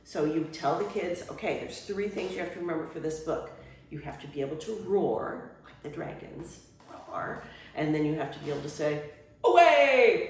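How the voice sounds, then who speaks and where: In a workshop room with a noisy background, an older woman who retired as a children's librarian demonstrates reading aloud to kids. Her low voice takes on an animated storytime quality with big swoops and playful exclamations, heard from far off in an echoey room.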